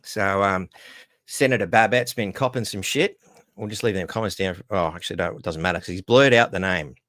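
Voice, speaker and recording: A man's voice: deep voice, brisk, fairly bright tone, dry recording, clean studio sound. A man hosting a casual news-wrap stream, wry and sarcastic, swearing freely. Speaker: host. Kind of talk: casual commentary.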